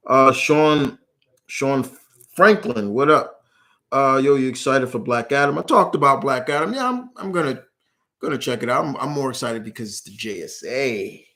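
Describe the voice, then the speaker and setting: A man's voice: mid-range voice, a bit bright. A man hosting a casual live question-and-answer stream, reading viewers' questions aloud and answering them in a rambling, candid, emotional way with lots of fillers. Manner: emotional, earnest.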